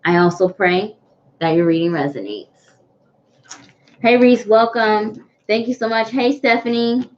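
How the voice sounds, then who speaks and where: A woman hosts a live tarot reading, speaking earnestly to viewers, repeating herself often and greeting people by name. Her medium-pitched, somewhat dark voice is animated but a little slow, with frequent pauses. The livestream audio is dull and lo-fi with faint noise.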